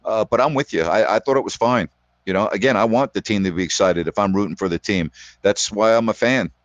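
A man's voice: lowish voice, fairly quick, no echo, muffled recording. A man hosting a sports radio call-in show, rambling chattily through scores and rhetorical questions. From New York.

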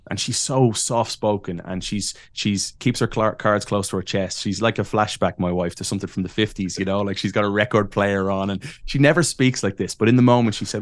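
A man in his thirties with an Irish accent, a podcast guest telling lively, self-deprecating stories and laughing often. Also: fairly low pitch, brisk, no echo. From Ireland. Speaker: podcast guest, wrestling announcer. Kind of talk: casual interview storytelling.

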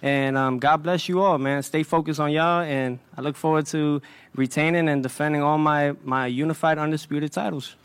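A man's voice: a little high, steady tone, moderate pace, smooth, dry recording. A young man speaking as a boxing champion at a press conference, brash and streetwise, trading trash talk.

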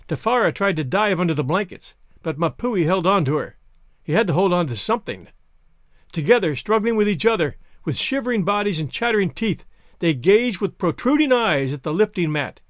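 A man reading a short story aloud in an expressive, dramatic narration. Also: sits high, no room sound, studio quality. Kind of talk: scripted narration.

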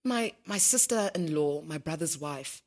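Young woman, low-ish voice, lively storyteller in an interview, acts out the dialogue and laughs a lot. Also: unhurried. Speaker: interview guest.

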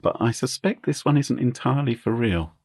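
A man's voice: medium pitch, expressive, brisk, a little mellow, slightly rough, no room sound, studio quality. A man co-hosting a podcast, chatting casually and laughing often. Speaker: podcast co-host. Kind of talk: casual chat.

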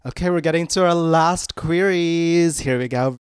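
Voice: medium pitch, moderate pace, clean tone, no echo, clean studio sound. A podcast co-host reading out listener messages in an upbeat, playful and encouraging way. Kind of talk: casual chat.

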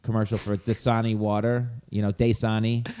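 A man's voice: fairly low pitch, little pitch movement, a little fast, warm tone, slight background noise. A man from Long Island with a New York accent, co-hosting a podcast and telling jokey stories in casual chat. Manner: joking storyteller. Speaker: podcast co-host.

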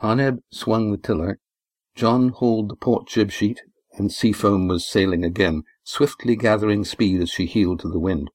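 Male audiobook narrator, low and measured, dry recording. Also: no room sound. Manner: steady, measured storytelling. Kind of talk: scripted narration.

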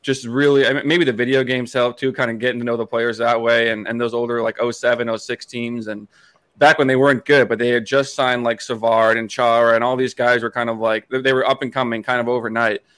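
Fast-talking young man, dry sound. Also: mid-range voice, little pitch movement, a bit bright, no echo. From Massachusetts. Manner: rapid, chatty, many restarts. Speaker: podcast producer, guest. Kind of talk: casual storytelling chat.

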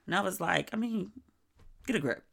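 A middle-aged woman chatting alone on her podcast in a voice of middling pitch. She talks candidly and with wry humor. Now and then she stretches words out for emphasis and livens up her retellings. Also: animated, normal speed, gravelly, a bit bright. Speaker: podcast host. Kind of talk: solo podcast monologue.

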